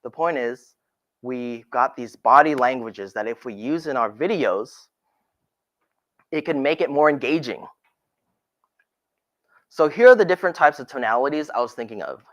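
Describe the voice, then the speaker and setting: A middle-aged man, a realtor, giving a presentation to colleagues, animated and demonstrating different tones of voice as he talks. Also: medium pitch, moderate pace, pauses often.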